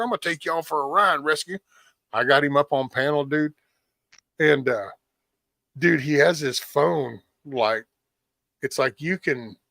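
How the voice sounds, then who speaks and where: A man's voice: a little high, vocal fry, no room sound. A man, hosting a live stream and telling stories in casual chat, acting out quotes and swearing freely. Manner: animated storyteller, acts out quotes, swears freely.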